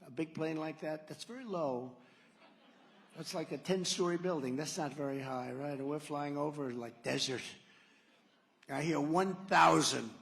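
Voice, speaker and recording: Gravelly man giving a rambling rally speech. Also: medium pitch. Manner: digressive, sarcastic, acts out quotes. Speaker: political candidate at a campaign rally. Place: large rally venue. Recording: echoey hall reverb.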